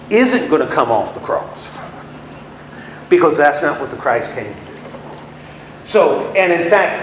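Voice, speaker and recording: A man leading a Bible study class, asking his listeners questions and then answering them himself. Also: sits high. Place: room with a small class. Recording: echoey room with faint noise.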